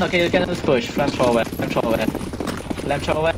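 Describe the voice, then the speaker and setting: Man, slightly high voice, game voice chat, repeated team orders, urgent, bossy, loud gunfire behind. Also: fast. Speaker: player leading a team over voice chat. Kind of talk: shouted in-game team callouts. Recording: heavy gunfire noise from the game.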